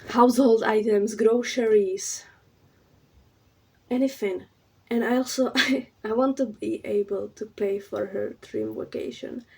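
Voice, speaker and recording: A young woman talking to camera in a personal vlog, earnest and halting. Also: medium pitch, a little mellow, slightly rough, far from the mic, rough recording. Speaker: YouTuber.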